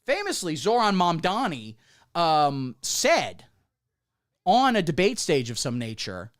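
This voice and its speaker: A man with a fairly high, very lively voice rants through a satirical comedy livestream. He plays a crude, sarcastic mock pundit, jumping from loud outbursts to muttered asides. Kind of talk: satirical political comedy rant. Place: indoor room under hot studio lights.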